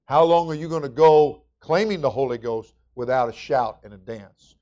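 A man's voice: medium pitch, moderate pace, mellow, muffled recording. A man preaching a sermon as pastor, folksy and conversational with emphatic rising bursts.

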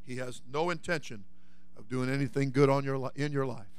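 A man pastor delivering a sermon, fiery preaching that swings from folksy storytelling to shouting. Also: mid-range voice, fairly quick, clear, resonant tone, no room sound.

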